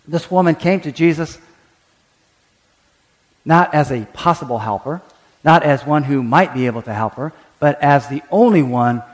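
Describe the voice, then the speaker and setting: A man's voice: mid-range voice, long reverb tail. A man preaching a sermon as pastor, acting out quoted prayers and often restarting his words. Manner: animated, acts out quoted prayers and voices; frequent stammered restarts.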